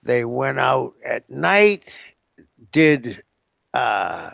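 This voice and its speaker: A man's voice: mid-range voice, sing-song, drawn-out words, vocal fry, a bit bright, no echo, lo-fi sound. A man giving a casual interview as a guest, rambling and hesitant, with lots of "you know what I mean.".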